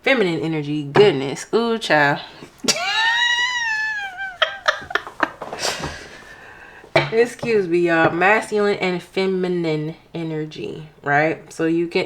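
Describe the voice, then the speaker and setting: A young woman giving a casual tarot reading to her viewers, expressive and excitable, talking through tears at times. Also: on the low side, normal speed, hardly any pauses. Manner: expressive, excitable, exclaims often. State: emotional, near tears. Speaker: tarot reader.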